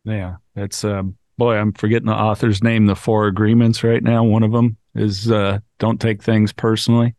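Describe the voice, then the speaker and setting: A man hosting a podcast, talking in a relaxed, conversational way with some fillers during an interview. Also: lowish voice, moderate pace, few pauses, no room sound. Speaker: podcast host. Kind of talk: casual interview chat.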